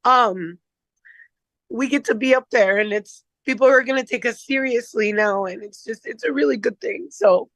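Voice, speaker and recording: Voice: medium pitch, moderate pace, fairly bright tone, no room sound. Emotional, sniffling meeting member. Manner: heartfelt, apologetic. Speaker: parliament member. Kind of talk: online meeting remarks.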